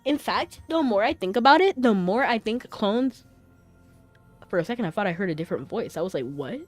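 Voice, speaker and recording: A young woman chats her way through a game stream, easygoing and chatty, breaking into giggles between thoughts. Soft game music plays quietly under her voice. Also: medium pitch, lively intonation, a little fast, dry recording. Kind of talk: casual gameplay chat.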